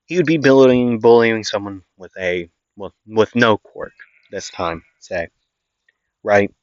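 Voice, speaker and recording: A man's voice: on the low side, slow pace, dry recording. A man telling an improvised fan story in a rambling, casual way, full of fillers and little checks, in a dull lo-fi recording.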